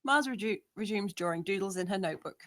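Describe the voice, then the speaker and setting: A woman's voice: medium pitch, fast, a bit bright. A woman narrating, steadily reading out the scene descriptions of a screenplay.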